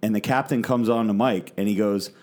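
A man's voice: lowish voice, fairly even intonation, a little fast, darkish tone. A man chatting casually and jokily as a podcast co-host. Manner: jokey, casual. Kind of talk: casual chat.

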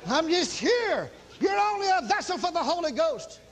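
Man, preacher, storytelling sermon, very high voice, lively swings, faint background noise. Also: moderate pace, creaky, some chatter behind. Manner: animated, exclamatory, folksy.

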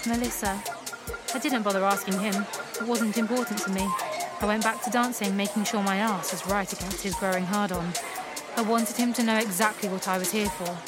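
A woman narrating an erotic audio story in a soft, unhurried first-person reading. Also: mid-range voice, fairly even intonation. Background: music.

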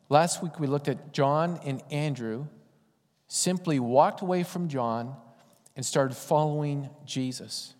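A man delivering a sermon with an easygoing, storytelling manner, chatting to the congregation rather than orating. His voice sits fairly high for a man. The sound carries a long hall reverb. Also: takes it slowly, darkish tone. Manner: conversational, folksy storytelling. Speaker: preacher.

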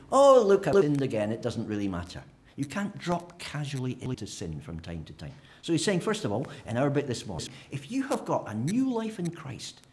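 Lively, animated male preacher. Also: mid-range voice. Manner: animated, acts out imagined speakers with humour. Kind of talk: sermon.

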